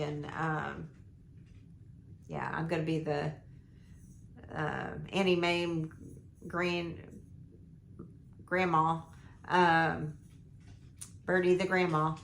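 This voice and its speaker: An older woman, hoarse from losing her voice, rambling through a casual life update with lots of ums and restarts. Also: on the low side, a bit bright, a little hiss or hum. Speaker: vlogger. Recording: echoey room.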